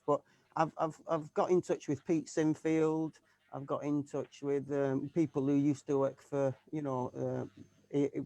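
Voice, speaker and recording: A man, a keyboardist, chatting casually in a halting way with many restarts. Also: medium pitch, a little mellow, no echo. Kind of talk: casual chat.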